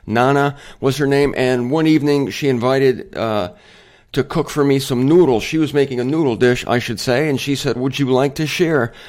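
A man's voice: mid-range voice, normal speed, darkish tone. A man hosting a Bible teaching show, chatty and digressive, with self-deprecating humor and emphatic points. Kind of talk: casual Bible teaching monologue.

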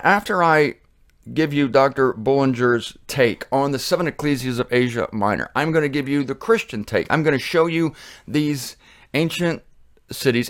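Passionate middle-aged male Bible teacher. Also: medium pitch. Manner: passionate, conversational, reads scripture aloud.

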